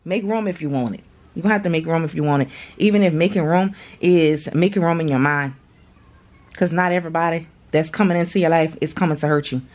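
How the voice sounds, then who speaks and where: A woman in her thirties with a slightly low voice gives a loose, chatty tarot reading. She is slangy and swears freely, talking straight to her viewers as she pulls cards. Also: fast, a little mellow. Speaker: tarot reader. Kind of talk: casual tarot reading vlog.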